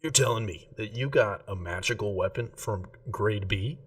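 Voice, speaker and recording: A man voicing a loud, boisterous male gnome weaponsmith who haggles over a sword in a tabletop game. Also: moderate pace, recorded from a distance, lightly acted. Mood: incredulous. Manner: booming, haggling, incredulous. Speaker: shopkeeper.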